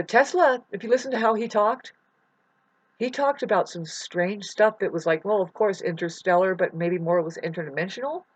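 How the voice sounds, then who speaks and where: A vlogger talking in a rambling, unscripted monologue, full of restarts, swinging between mumbling and loud outbursts into a computer mic. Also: medium pitch, dry recording.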